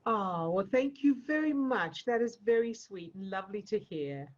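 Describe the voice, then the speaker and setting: Woman host from the UK, encouraging, mid pitch, slightly muffled call audio. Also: expressive, moderate pace. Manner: encouraging, thanks people often. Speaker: host, session leader. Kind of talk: warm group facilitation on video call.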